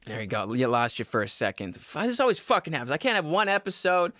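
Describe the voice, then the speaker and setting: A man rants to his podcast listeners from a basement at home, swearing freely and laughing at himself between complaints. His voice sits a little high for a man and comes across bright and forceful. The sound is close and dry, with no room echo. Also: very animated, fast talker. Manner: profane, exasperated ranting with self-mocking laughs. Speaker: podcast host. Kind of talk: casual ranting monologue.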